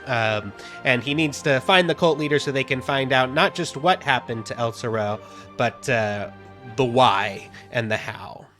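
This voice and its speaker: A male game master leads his players through a session in a plain, middle-pitched voice. He stops often on fillers, then reads the scene descriptions aloud. Soft music plays faintly behind him. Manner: halting, many fillers while reading out descriptions. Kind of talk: narrating a tabletop game.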